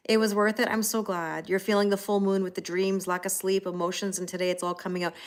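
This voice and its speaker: A woman's voice: mid-range voice, level tone, fast. A woman in her forties, a tarot reader hosting a livestream, chatting casually with viewers and telling rambling stories full of fillers. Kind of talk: casual chat greeting live viewers.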